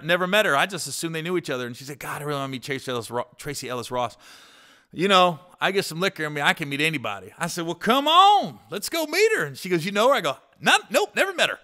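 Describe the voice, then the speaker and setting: A man's voice: on the high side, bright, forceful tone. A man hosting a podcast, telling rambling comic stories with swearing and frequent laughter. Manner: rambling comedic anecdotes, profane, laughs often. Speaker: podcast host. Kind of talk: casual storytelling.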